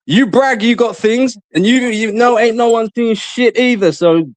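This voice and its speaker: A man's voice: extremely high pitch, unhurried, no room sound. A man trash-talking and taunting his haters in casual stream chat. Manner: repeats himself, mocking. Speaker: live stream guest.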